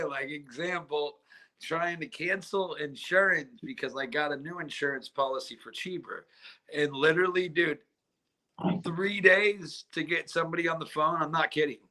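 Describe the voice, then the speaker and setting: A man's voice: a little high, pushed and bright. A man in a casual podcast chat, talking in slang with "dude" and "bro" and some swearing. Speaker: podcast co-host.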